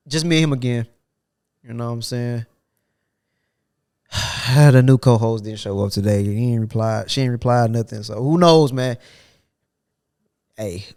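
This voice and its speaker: A man's voice: medium pitch, vocal fry, darkish tone. A young man hosting a podcast in casual chat, sounding stuffy and nasal from a cold, with loose, slangy talk. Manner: laid-back, loose slangy talk with frequent "you know what I'm saying". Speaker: podcast host.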